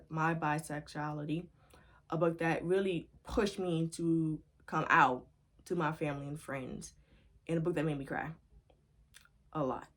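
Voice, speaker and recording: A woman book vlogger at home, gushing in a casual review and repeating herself often. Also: low-pitched.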